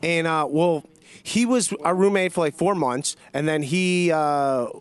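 Rambling man with a higher voice. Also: smooth. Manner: rambling, halting, with many fillers and restarts. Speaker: guest telling a story. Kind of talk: casual storytelling on a comedy podcast.

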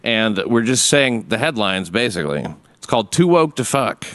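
A man's voice: mid-range voice, big pitch swings, moderate pace, fairly bright tone, dry recording. A man hosting a comedy podcast, swearing and joking through crude casual banter. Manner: profane, joking, laughs often.

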